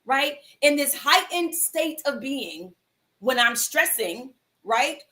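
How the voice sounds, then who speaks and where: A woman with a high-pitched voice hosts a mindfulness livestream. She tells an uplifting personal story to her viewers, animated and casual, and slips into the voices of the people in it. It sounds like a home livestream mic. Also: takes it slowly. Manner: animated, acts out quoted voices, casual slang. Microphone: livestream computer mic.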